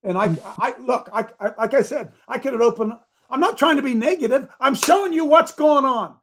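A man hosting a talk show, delivering a fiery preachy monologue that swings from quiet asides to shouting. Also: extremely high pitch, fairly quick. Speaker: radio show host.

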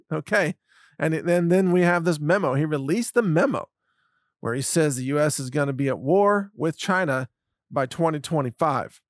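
A man's voice: a little high, normal speed, no echo. Sarcastic male commentator, dry close mic. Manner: sarcastic, mocking, with scoffing laughs. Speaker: political commentator. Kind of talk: solo commentary monologue.

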